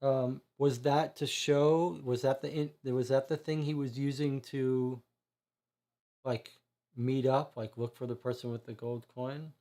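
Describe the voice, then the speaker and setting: A man's voice: medium pitch, fairly even intonation, a little slow, mellow. A man streaming a detective board game, thinking aloud hesitantly and reading the case text. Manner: musing, hesitant, questioning.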